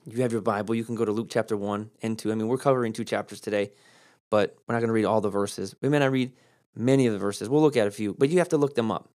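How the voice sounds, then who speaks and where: A man teaching the Bible on his podcast in a casual, conversational way, jumping up in pitch to stress points. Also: fast talker. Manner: conversational, animated pitch jumps for emphasis.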